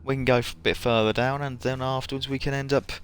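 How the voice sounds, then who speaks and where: A man's voice: mid-range voice, level tone, fast, smooth, natural voice. A man putting on a cheeky, beer-loving Australian bloke with a put-on Australian accent, breezy and slangy, during a game livestream. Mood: friendly.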